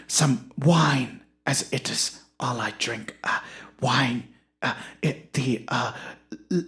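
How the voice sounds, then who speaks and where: A performer voicing a pompous, self-important Shakespearean actor who talks in a hushed, breathy, halting way in a comedy podcast sketch. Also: mid-range voice. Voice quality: hushed and breathy, drifting into a whisper. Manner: pompous, grandiose, hesitant with many ums.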